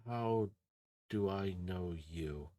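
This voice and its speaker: A man voicing a confused young woman who questions a damaged robot quietly in a tabletop game. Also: sits low, extremely slow, pitched below the performer's own voice. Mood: puzzled, soft. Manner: soft, puzzled questioning.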